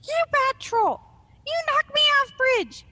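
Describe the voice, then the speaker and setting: A woman voicing a small, squeaky female troll who shrieks in broken speech. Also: animated, slow pace, bright, forceful tone, heavily acted. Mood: furious.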